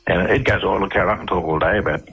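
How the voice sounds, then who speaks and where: A middle-aged Australian man with a very low, husky voice speaks as a guest on a radio interview. He tells long stories in a rambling way, with frequent restarts and fillers. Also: fairly even intonation, fast talker, a bit bright, rough recording.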